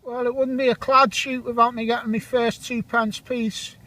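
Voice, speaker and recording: Out in a field with a metal detector, a man in his forties with a fairly high voice keeps up a rambling, jokey commentary, ribbing friends and giving shout-outs between finds. His delivery is flat and at normal speed, with some chatter in the background and poor audio.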